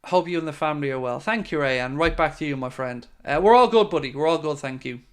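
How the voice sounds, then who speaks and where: Chatty man with a smooth voice. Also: fairly high pitch, fast, a bit bright. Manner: chatty and friendly, with frequent fillers. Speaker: fan channel host. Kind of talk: casual live-stream chat reading viewer comments.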